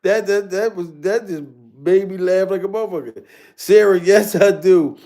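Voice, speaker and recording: A man's voice: high-pitched, moderate pace, mellow. A man hosting a casual livestream, chatting with viewers in slangy talk and laughing often. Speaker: livestream host reading chat.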